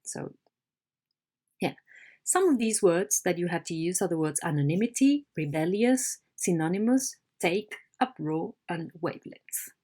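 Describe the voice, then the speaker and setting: A woman's voice: fairly low pitch, lively intonation, a little slow, dark tone, slightly rough. A woman English teacher in a recorded online lesson, explaining words patiently and checking in with her students.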